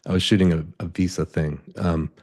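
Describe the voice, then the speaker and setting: A man's voice: low-pitched, steady tone, brisk, a little mellow. A man, a photographer, talking as an interview guest, telling stories in a loose, rambling way and acting out quoted dialogue. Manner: rambling, many restarts, acts out quoted dialogue. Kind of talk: conversational storytelling. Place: event space stage.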